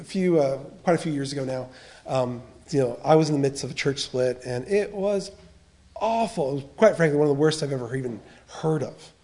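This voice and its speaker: A middle-aged male pastor gives a sermon built around his own testimony, speaking candidly and confessionally. His voice sits a touch higher than most men's. He often restarts his phrases as he works through the story. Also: darkish tone. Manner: candid and confessional, with frequent restarts and short laughs.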